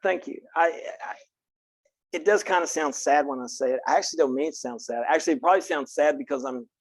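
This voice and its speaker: A man from Texas teaching a college philosophy class, frank and earnest and quick to crack a joke, recorded on a close mic in a classroom. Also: on the high side, no echo. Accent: Texan. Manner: earnest, frank, joking, speaks directly to students. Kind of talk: classroom lecture.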